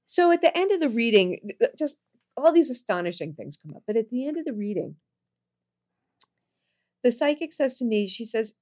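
A woman telling a personal story in conversation, earnest, going soft and low on serious moments and jumping high when she quotes people. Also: moderate pace, long pauses. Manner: animated, jumps high when quoting people.

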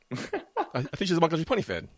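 Middle-aged guy ribbing his cohost, talks quick, bouncy pitch, dead dry sound. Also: very animated, no echo. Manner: teasing, mock-offended, fast joking. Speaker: podcast co-host. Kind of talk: casual banter.

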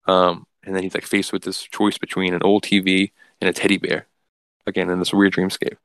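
A man with a very low, gravelly, slightly bright voice recaps a comic book story casually and unhurriedly, in a completely flat delivery. He rambles, fills gaps with "like," and restarts sentences, and the recording is dry and close.

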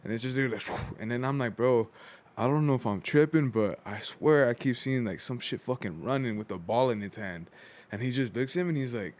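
A man's voice: mid-range voice, animated, brisk, darkish tone. A man telling a story in rambling slang, with lots of fillers. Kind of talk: casual storytelling.

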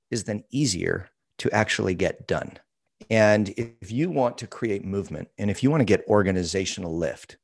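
Low-voiced man explaining leadership ideas. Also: gravelly. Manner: storytelling, emphatic, repeats phrases. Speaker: author and leadership consultant. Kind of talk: podcast interview answer.

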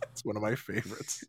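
A man's voice: fairly low pitch, slightly rough, dry recording, studio quality. A man hosting a live chat show, playful and enthusiastic, calling on listeners. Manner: enthusiastic, playful, drawn-out announcements. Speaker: show host.

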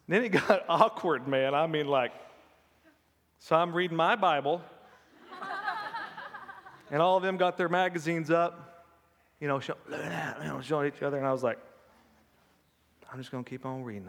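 A middle-aged man with a drawl preaches in a folksy, storytelling way. His voice sits a little high. The sound rings with the long reverb of a large hall. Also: normal speed, long pauses, fairly bright tone. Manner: folksy storytelling with laughs and acted quotes. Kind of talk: sermon with personal stories.

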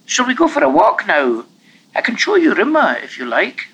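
A man's voice: high-pitched, wildly swooping pitch, normal speed, creaky, a bit bright, husky, voice pushed up, exaggerated voice. A man doing a whiny, petulant young boy. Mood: eager. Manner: whiny, insistent.

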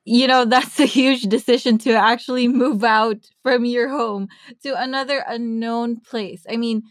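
A woman's voice: on the high side, fairly even intonation, measured pace, no echo, studio quality. Bubbly woman hosting a podcast. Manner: bubbly, enthusiastic, chatty. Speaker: podcast host.

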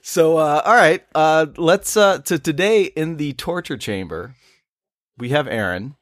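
A man's voice: fairly high pitch, animated, a little slow, no room sound, clean studio sound. A man co-hosting a casual comedy podcast, loose and jokey, laughing often. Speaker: podcast co-host.

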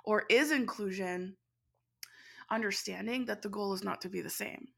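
Bright-voiced, animated woman. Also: mid-range voice, normal speed, vocal fry, slightly rough. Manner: animated, laughs often, speeds up when excited. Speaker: education instructor, interview guest. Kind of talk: conversational storytelling.

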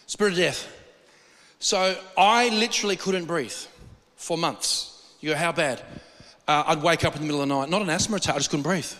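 A man's voice: on the high side, brisk, in a large hall. A man preaching a sermon, telling stories animatedly and acting out the voices in them. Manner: animated storytelling with acted-out quotes and laughs. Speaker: pastor.

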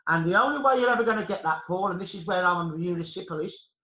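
Birmingham man, bright forceful voice, fervent guest speaker, echoey muffled sound. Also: sits high, fast talker. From Birmingham, England. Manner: passionate, emphatic, speechmaking. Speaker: historian guest. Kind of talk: conversation on a podcast panel.

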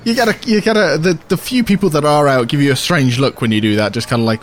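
Relaxed man running a tabletop game. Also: a little high, fast talker, hardly any pauses, a little hiss or hum. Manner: relaxed, meandering, many restarts. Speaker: game master.

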